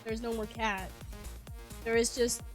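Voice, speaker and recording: A woman's voice: fairly high pitch, flat delivery, unhurried, faint music behind. A woman from Sweden, chatting casually on stream through a headset, swearing and laughing often. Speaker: game streamer.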